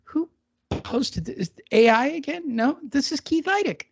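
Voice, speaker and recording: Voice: sits high, lively intonation, moderate pace, gravelly. A host of a boxing podcast reading news and quotes aloud in a joking, casual way, mocking the wording as he goes. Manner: joking, reads quotes aloud with mock emphasis. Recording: slightly dull audio.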